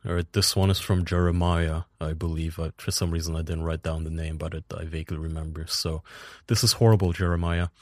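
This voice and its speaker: A man's voice: low-pitched, little pitch movement, brisk, hardly any pauses, darkish tone, no room sound, studio quality. A man co-hosting a podcast in casual chat, joking with goofy asides. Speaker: podcast co-host.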